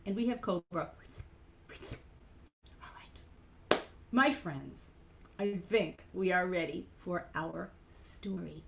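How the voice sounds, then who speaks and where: A woman's voice: mid-range voice, big pitch swings, slow, vocal fry, long pauses, background noise. A woman cantor leading a playful children's program over a video call, animatedly guiding kids through movements.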